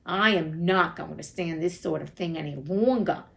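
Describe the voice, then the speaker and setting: A woman voicing a gruff old male miser boss in a storybook reading, growling and stern. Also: lowish voice, normal speed, voice pushed down.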